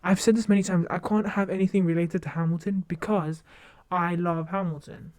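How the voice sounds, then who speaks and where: Rambling woman with a mellow voice. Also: fairly low pitch, steady tone, a little fast. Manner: rambling, self-interrupting with many restarts. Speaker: streamer. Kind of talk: casual livestream chat.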